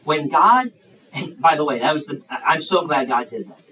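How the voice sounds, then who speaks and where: A man in his thirties preaching a sermon to young people, swinging between loud emphatic bursts and hushed asides. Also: on the high side, expressive, normal speed, distant mic, heavy background noise.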